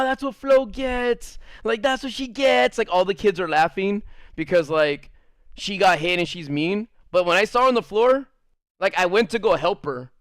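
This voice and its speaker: A man with a high voice tells a childhood story in a loose, rambling way, swearing freely. The sound is dry and close. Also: fairly bright tone, clean tone, no echo. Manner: rambling, profane, laughs often. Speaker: streamer. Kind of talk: casual storytelling.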